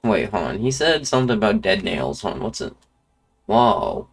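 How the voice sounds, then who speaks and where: A male game streamer talks to himself while playing, in offhand, half-mumbled remarks. His voice sits on the low side. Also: big pitch swings, normal speed. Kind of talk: live gameplay commentary.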